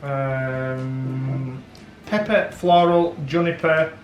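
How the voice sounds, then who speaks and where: A man's voice: medium pitch, fairly even intonation, extremely slow. A man co-hosting a home vlog in casual chat, dry and joking. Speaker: vlogger, co-host. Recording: echoey room with faint music.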